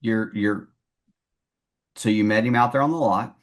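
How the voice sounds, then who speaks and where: A man's voice: on the low side, a little slow. A man coaching a salesperson one-on-one, talking in a confident, direct way.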